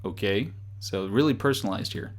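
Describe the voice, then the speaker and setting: A man's voice: lowish voice, fairly quick. A man giving casual, amused commentary as a dating site reviewer, with wry sarcastic asides. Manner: amused, chuckling between remarks.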